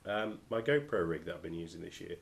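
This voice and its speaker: A man's voice: low voice, lively intonation, fast talker, gravelly. A man from the UK with a nasal voice from a cold, reviewing diving gear in a casual, hesitant way with lots of ums. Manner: hesitant, many ums and restarts.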